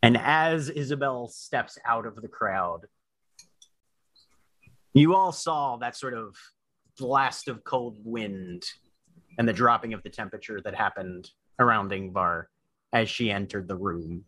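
A man running a tabletop game as storyteller, narrating scenes in a measured, descriptive way. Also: on the low side, a bit bright.

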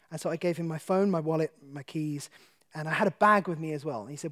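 A man with a notably high-pitched voice tells a personal testimony to an audience. He is animated and laughs easily. He turns quiet and low when the story grows tense. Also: fast talker. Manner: animated storyteller who laughs often and drops to a hush for tense moments. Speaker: guest speaker.

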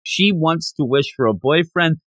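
A man hosting a podcast, recapping a comic in animated casual storytelling. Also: fairly high pitch, moderate pace, dry recording. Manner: animated storytelling, slipping into character voices. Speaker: podcast host.

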